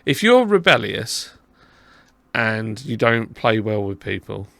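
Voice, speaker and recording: A man's voice: on the low side, big pitch swings, takes it slowly, creaky, bright, forceful tone, dry recording. A man with a southern English accent hosting a casual podcast chat, talking in a rambling, self-deprecating way. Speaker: podcast host.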